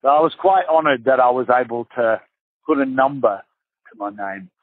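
A man's voice: medium pitch, moderate pace, no echo. An Australian man in his fifties, a former footballer telling stories in an interview and acting out the voices in them. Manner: lively storyteller acting out quotes. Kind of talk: casual storytelling interview. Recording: tinny phone-like dry sound.

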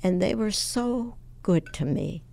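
A woman in her eighties with a squeaky voice, a guest in a radio studio telling her story slowly and haltingly. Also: lively intonation, dark tone. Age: 80s. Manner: slow, halting, gravelly storytelling. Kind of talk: conversational interview.

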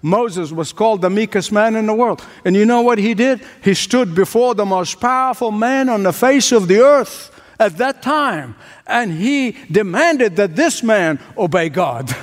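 A man with a high voice delivers a sermon at an unhurried pace, building points through emphatic repetition. His voice rings with a long reverb, as in a church sanctuary. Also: animated. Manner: rhetorical repetition, emphatic preaching cadence. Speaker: pastor.

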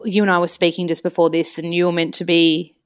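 Chatty Australian woman host, low voice. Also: clean tone, soft background music. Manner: chatty storytelling, quick and expressive. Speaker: podcast host. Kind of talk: casual conversation.

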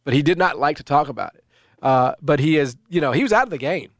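A man's voice: a little high, animated, quick pace, dry recording, clean studio sound. A middle-aged man hosting casual sports talk, rambling with many restarts and fillers.

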